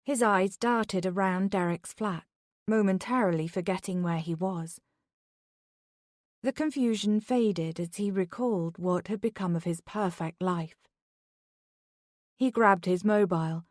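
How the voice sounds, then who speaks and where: Woman narrator, thriller audiobook, steady mid pitch, close dry read. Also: dry recording. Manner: measured, steady. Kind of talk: scripted narration.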